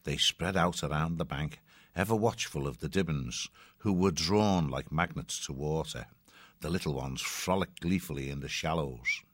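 A man narrating a storybook in a measured, even manner. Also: rumbling low, no room sound. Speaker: audiobook narrator.

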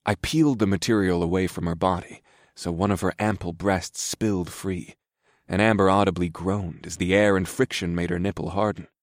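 A man narrating a story in the first person in a calm, steady, soft-spoken way. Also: sits low, normal speed, no room sound, studio quality.

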